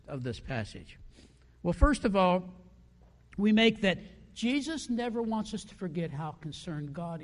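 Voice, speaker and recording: A male pastor preaching a sermon in a church, animated and acting out the characters in the story. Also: high-pitched, long reverb tail. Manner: animated, acts out quoted characters.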